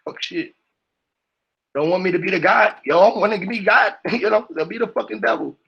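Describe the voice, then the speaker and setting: A man's voice: high voice, normal speed, vocal fry, fairly bright tone, lo-fi sound. A man on a live call-in panel, delivering a profane, fired-up, preachy rant. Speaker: panel speaker.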